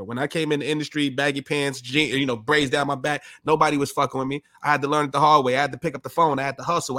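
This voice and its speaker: A man hosting a podcast, telling his own story in an energetic, slangy way. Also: mid-range voice. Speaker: podcast host. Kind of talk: casual podcast conversation.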